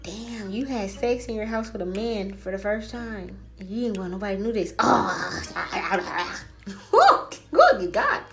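A woman's voice: mid-range voice, slow pace, gravelly. A woman hosting a spiritual podcast alone, ranting in a brash, profane, trash-talking way. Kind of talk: casual solo podcast rant.

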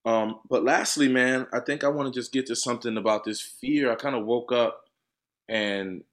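Thirties male athlete co-host, low voice, animated and emphatic delivery. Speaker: podcast co-host, professional football player. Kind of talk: casual chat.

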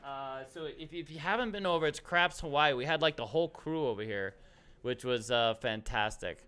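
A man hosting a casual stream, excitable and rambling, calling people "dude". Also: fairly high pitch, moderate pace, smooth. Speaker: host. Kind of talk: casual livestream chat.

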